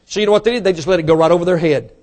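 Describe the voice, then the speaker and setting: A man preaching a sermon emphatically, varying his pace and volume, acting out quoted voices and rising to shouts at high points. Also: racing.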